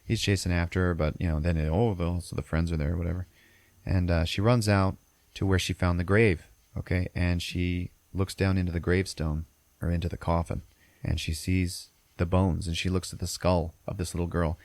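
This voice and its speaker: A man's voice: sits low, flat delivery, fairly quick, darkish tone, no room sound. A man hosting a podcast, retelling a film plot in a loose, profane, rambling way. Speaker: podcast host. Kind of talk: casual film recap.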